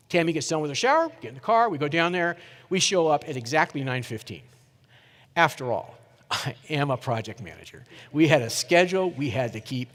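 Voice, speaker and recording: A middle-aged man giving a keynote talk, telling a story in a lively way and putting questions to the audience. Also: on the high side, brisk. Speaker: keynote speaker. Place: conference hall. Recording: reverberant conference hall.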